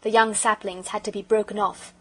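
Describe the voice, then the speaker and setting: A woman narrating a children's audiobook with expressive storytelling. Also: mid-range voice, brisk, low-quality recording.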